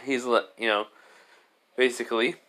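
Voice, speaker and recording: A man narrating a fan story he makes up as he goes. His voice sits at a medium pitch, and he keeps stopping, restarting and filling gaps with "you know" and "um". The tone stays casual and loose. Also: fairly even intonation, moderate pace, bright, forceful tone. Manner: rambling, many fillers and restarts.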